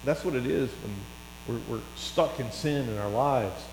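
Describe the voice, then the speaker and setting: Pastor preaching in an echoey hall. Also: male voice, mid-range voice, moderate pace. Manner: conversational, rising to excited storytelling. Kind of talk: sermon. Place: church hall. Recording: echoey hall with faint mains hum.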